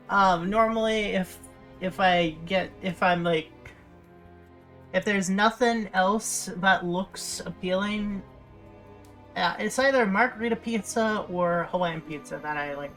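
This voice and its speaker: A woman's voice: mid-range voice, fairly bright tone. A young woman chatting casually while she livestreams, rambling with lots of fillers and restarts. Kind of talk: casual chat while streaming.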